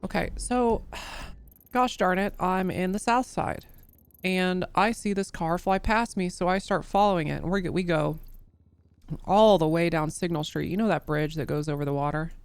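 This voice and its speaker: A woman's voice: on the low side, fairly even intonation, moderate pace, clear, resonant tone, no room sound. A woman testifying in character as an undersheriff during a role-play court case, telling her account in a loose, rambling way full of restarts and fillers.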